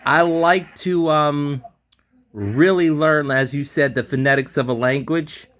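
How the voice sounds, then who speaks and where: A man's voice: fairly high pitch, a little slow, fairly bright tone. Man practicing pronunciation, thinking aloud. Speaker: language student. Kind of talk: online language lesson.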